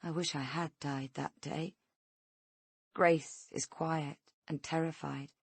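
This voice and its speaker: A woman reading a tense first-person thriller in a steady storytelling voice. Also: low voice, slow pace, breathy edge, dry recording. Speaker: audiobook narrator.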